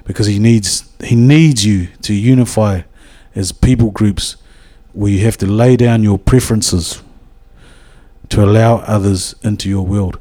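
New man, low and warm, rambling devotional talk with lots of hesitations. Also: steady tone, a little slow. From New Zealand. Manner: rambling, with many hesitations and restarts. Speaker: speaker at a church gathering.

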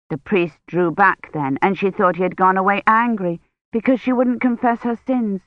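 An audiobook narrator reading a novel in a slow, measured way. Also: medium pitch, dry recording. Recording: dry tinny phone-like audio.

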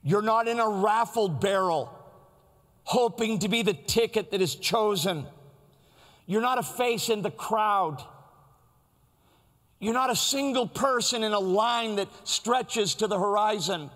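A man's voice: high voice, a little slow, a bit bright, big-room sound. A man preaching a sermon in a church, in a conversational, storytelling way. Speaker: pastor.

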